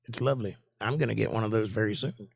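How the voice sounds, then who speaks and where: A man's voice: lowish voice, fast talker, vocal fry, husky, no room sound, studio quality. A man in his forties with a Southern US accent, hosting a livestream and chatting in a folksy way with viewers. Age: 40s. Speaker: host. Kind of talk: casual livestream chat.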